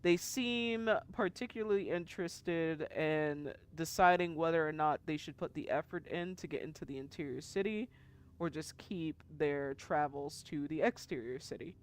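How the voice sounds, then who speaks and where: A game master narrating a tabletop role-playing game in a relaxed, chatty way. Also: mid-range voice, normal speed, smooth.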